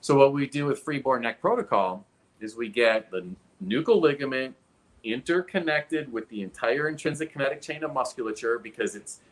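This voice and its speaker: A man in his forties, a guest expert in an interview, telling a personal story with animated delivery while demonstrating with his arm and hand. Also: medium pitch.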